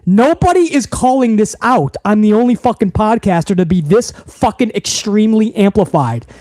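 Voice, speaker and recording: A man's voice: high voice, animated, normal speed, warm tone, no room sound. A young man hosting a live wrestling podcast stream, ranting heatedly with lots of swearing and reading viewer messages aloud. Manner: heated, profane ranting, reads viewer super chats aloud.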